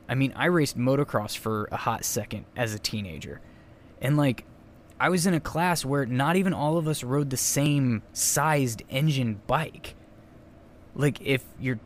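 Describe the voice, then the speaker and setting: A man's voice: mid-range voice, a little hiss or hum. A young adult man hosting a solo podcast, talking in a chatty, rambling way with many asides and self-corrections. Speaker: podcast host. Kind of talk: casual solo podcast commentary.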